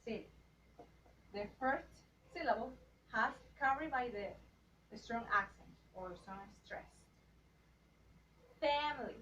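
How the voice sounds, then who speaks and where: Woman, slow halting lesson delivery, highish voice, dull roomy distant recording. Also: sharp tone. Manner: halting, with restarts and repeated example words. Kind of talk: slow class presentation on phonetics. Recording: dull, roomy audio from far off, faint noise.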